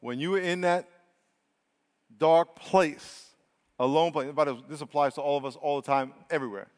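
A man preaching a sermon, lively, rising loud and dropping to near hushes. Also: fairly high pitch, moderate pace. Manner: energetic, swings from loud to hushed. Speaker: pastor. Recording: long hall reverb.

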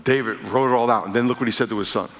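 A man preaching a sermon as pastor, lively and emphatic, moving from loud declarations to quiet asides. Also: medium pitch, rapid-fire. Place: church sanctuary. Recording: reverberant church hall.

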